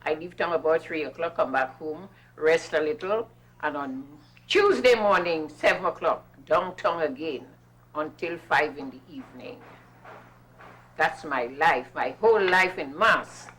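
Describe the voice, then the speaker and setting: A woman's voice: sits low, a little slow, poor audio. Older Trinidadian woman, emphatic storyteller. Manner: lively, emphatic, with bursts of patois. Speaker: carnival masquerader. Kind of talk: personal storytelling.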